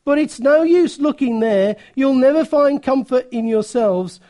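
A woman's voice: high voice, animated, a little slow, dark tone. A woman doing an earnest country lay preacher. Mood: earnest exhorting. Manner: pleading, repetitive exhortation. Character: thin, plain-spoken rural lay preacher, earnest.

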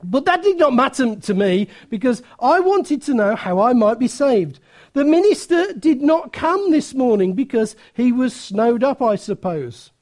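A woman's voice: on the high side, big pitch swings, measured pace, darkish tone. A woman preacher reading a story aloud during a sermon and breaking off now and then for asides to the listeners.

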